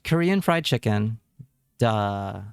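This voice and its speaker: A man's voice: lowish voice, expressive, slow pace, creaky, clean tone, no echo, studio quality. A man streaming live, chatting casually with his viewers and reacting with wry remarks and repeated words.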